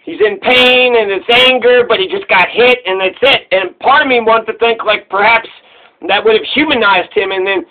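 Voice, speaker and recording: Male commentator, high voice, loose profane monologue, lo-fi phone-quality sound. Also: normal speed. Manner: rambling, profane, restarts mid-thought. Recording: tinny phone-like recording.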